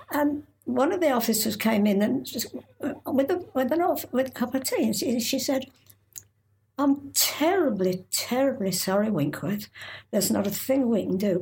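Gravelly-voiced older woman, halting. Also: on the high side, animated, a little mellow. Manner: halting, with many restarts and pauses. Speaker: interviewee. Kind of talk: oral history recollection.

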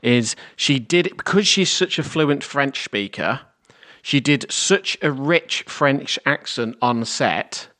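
A man's voice: mid-range voice, lively intonation, takes it slowly, pushed and bright. A man co-hosting a casual film podcast, explaining plot points at length with some hedging. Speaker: podcast co-host.

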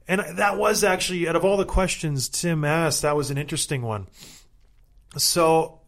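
Animated joking man hosting a podcast. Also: a little high, moderate pace. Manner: animated, joking, self-mocking hype. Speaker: podcast host, former hockey player. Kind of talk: casual podcast chat.

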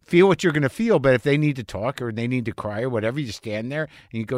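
A man's voice: mid-range voice, expressive, fast talker, no echo, clean studio sound. A man hosting a podcast, talking frankly and reflectively in a casual interview, swearing now and then. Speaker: podcast host.

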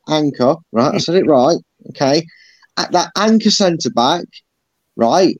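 Male co-host, raised pitch, animated and sweary, dry lo-fi mic. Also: no echo. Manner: animated and sweary, acting out players' shouts. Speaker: podcast co-host. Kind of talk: casual football chat.

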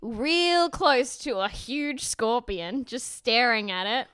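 A woman's voice: on the high side, animated, slow, noisy background. A woman co-hosting a casual show recap, gushing and laughing often. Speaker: podcast co-host.

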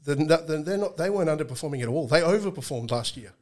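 A man's voice: on the high side, expressive, quick pace. A man in a casual podcast chat, explaining team performance at length, often restarting sentences, with a dry sense of humor. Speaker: guest analyst on team performance.

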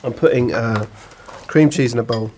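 A man's voice: mid-range voice, moderate pace, a little mellow, a little hiss or hum. A man on a podcast, telling rambling stories in casual chat and often laughing. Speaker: podcast co-host.

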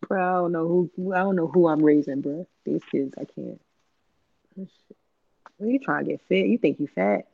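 A parent hosting a podcast, telling animated, slangy stories about the kids and acting out the family's lines. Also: mid-range voice, moderate pace, creaky, dry recording, narrow, tinny audio. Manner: animated, laughing, slangy, acts out family dialogue. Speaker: podcast host. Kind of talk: casual storytelling chat.

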